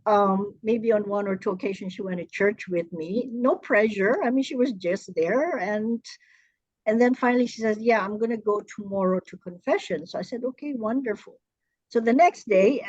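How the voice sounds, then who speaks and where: A woman earnestly recounting a painful personal story in a workshop, hesitant and halting, with frequent restarts. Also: mid-range voice, darkish tone, no room sound, highs cut off. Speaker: workshop participant.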